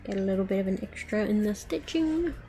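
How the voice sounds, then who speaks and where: A woman's voice: medium pitch, animated, fairly quick, warm tone, soft background music. A woman streamer chatting casually to her viewers while she crafts, muttering to herself with playful baby-talk words.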